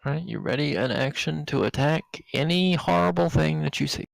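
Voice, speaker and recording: A man's voice: fairly high pitch, vocal fry, no echo. A man running a tabletop game as game master, narrating loosely with many restarts. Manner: loose, halting, lots of fillers and restarts.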